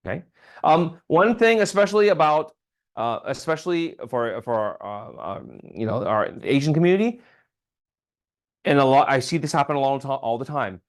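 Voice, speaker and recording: A man's voice: medium pitch, very animated, normal speed. A man who is a state legislator giving a casual training talk at a town hall meeting, with frequent ums and restarts and checking in with "okay?".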